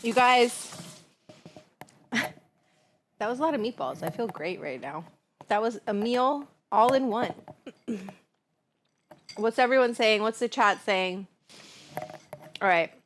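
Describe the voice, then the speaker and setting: Woman cooking host, stoned and giggly, unhurried drawl, clip-on mic, faint hiss behind. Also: on the high side, animated. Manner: chatty, giggly, savoring food aloud. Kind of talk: casual livestream cooking chat.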